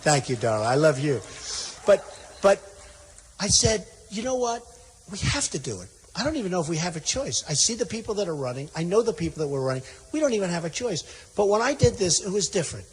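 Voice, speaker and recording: High-voiced man giving a rambling rally speech. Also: sing-song, fairly quick. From United States. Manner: rambling, repetitive storytelling with acted-out quotes. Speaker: political candidate at a rally. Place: large indoor rally venue. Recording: long hall reverb, faint noise.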